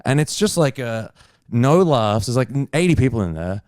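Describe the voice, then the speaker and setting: A young man, a stand-up comedian, telling a story in casual chat, animated and swearing freely. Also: mid-range voice, moderate pace, no echo, clean studio sound. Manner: animated, swears freely, acts out other people's lines.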